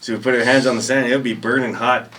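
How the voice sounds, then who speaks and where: Laid-back storytelling man, bright voice. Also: mid-range voice, flat delivery, quick pace, recorded from a distance, slight background noise. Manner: rambling, laid-back, with restarts and laughs. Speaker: podcast guest. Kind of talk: casual storytelling. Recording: voice a bit off-mic.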